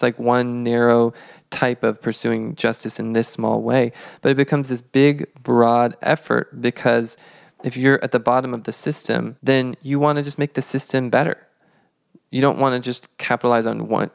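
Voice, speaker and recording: A man's voice: medium pitch, vocal fry, clean tone, dry recording, clean studio sound. A man co-hosting a casual history podcast, talking thoughtfully with rambling restarts. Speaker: podcast co-host.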